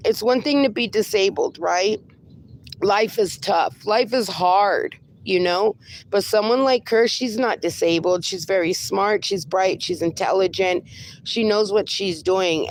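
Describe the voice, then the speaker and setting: A woman's voice: medium pitch, a little hiss or hum. A woman hosting a casual livestream from her fenced yard, cooing baby talk at her dogs between replies to viewers. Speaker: livestream host.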